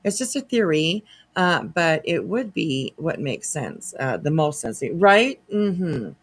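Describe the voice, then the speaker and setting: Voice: medium pitch, big pitch swings, slow, fairly bright tone, slightly rough. A host giving casual reaction commentary, chatty and sarcastic with laughing asides.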